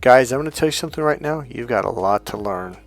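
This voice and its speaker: Male dating coach, mid-pitched, blunt and emphatic, quotes others in voices; soft music bed. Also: expressive, quick pace, vocal fry. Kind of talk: coaching talk to camera.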